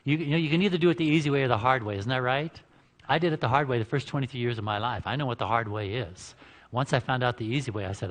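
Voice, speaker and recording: A man leads a church health seminar in a loose, joking way, often chuckling at his own asides. His voice sits in an ordinary middle pitch. The sound carries a long reverb from the church hall around him. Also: expressive, quick pace. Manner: joking, chatty, laughs at his own lines. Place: church hall before an audience.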